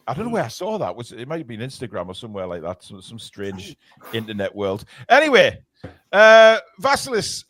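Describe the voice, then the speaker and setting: A man's voice: high voice, fairly bright tone. Chatty laughing male podcast host. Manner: laughing, rambling, reads out viewer comments. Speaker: host of a fan forum show. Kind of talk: casual podcast chat.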